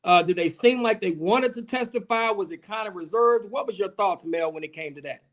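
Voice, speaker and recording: A man hosting a livestream panel discussion, asking animated questions with frequent restarts. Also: high voice, a little fast. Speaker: host.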